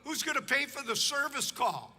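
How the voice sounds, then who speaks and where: A man voicing an unreliable male locksmith who speaks in a flat, matter-of-fact way. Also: very high voice, normal speed, long reverb tail, exaggerated voice. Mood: offhand.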